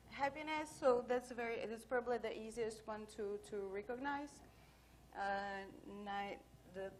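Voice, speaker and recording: In a conference hall, a woman speaker tells anecdotes in a chatty, filler-heavy style. Her voice is on the high side and a little mellow, with slight background noise.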